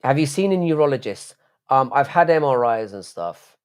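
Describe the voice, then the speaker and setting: Hosting a late-night live stream, a man from the United Kingdom speaks at normal speed in a clean, mid-range voice with lively intonation. He rambles casually, swears a lot, and responds to chat out loud.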